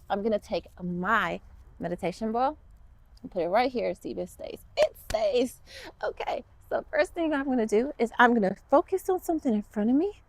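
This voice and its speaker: A woman's voice: fairly high pitch, a little mellow, dry recording. A woman guiding a kids yoga class, upbeat and encouraging with playful cues.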